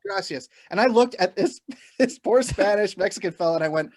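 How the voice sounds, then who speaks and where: A man from Canada chatting on a casual beer podcast. His voice sits a little high, and he tells rambling stories, laughing often and swearing freely. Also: a little fast. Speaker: podcast co-host. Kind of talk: casual chat over beers.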